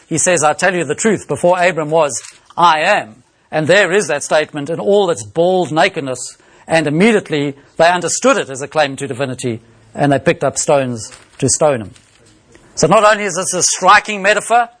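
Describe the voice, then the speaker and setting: A man preaching a sermon, expounding a Bible passage and reading scripture aloud in a measured way. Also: on the high side, fairly bright tone.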